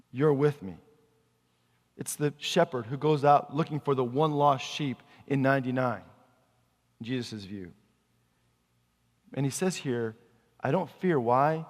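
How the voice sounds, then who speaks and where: In a large hall, a man with a medium-pitched voice delivers a sermon. The pastor keeps it conversational, asking the congregation questions along the way.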